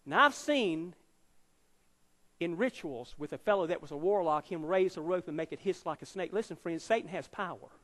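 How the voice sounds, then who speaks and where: A man's voice: a little high, expressive, normal speed, fairly bright tone, in a large hall. A man in his fifties, an evangelist telling his life story as a sermon to a university audience, dramatic and emphatic, acting out the people in his story. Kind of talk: testimony sermon. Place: large university auditorium.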